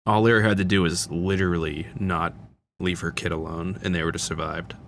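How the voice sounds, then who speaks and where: A man's voice: low voice, steady tone, a little fast, a bit bright, slight background noise. A man hosting a casual film commentary, talking like an enthusiastic fan with frequent fillers and restarts. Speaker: channel host.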